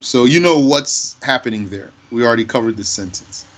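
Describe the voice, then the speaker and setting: A man teaching Arabic grammar in English, explaining slowly and patiently and repeating his example phrases. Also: mid-range voice, animated, low-quality recording. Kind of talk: slow classroom explanation.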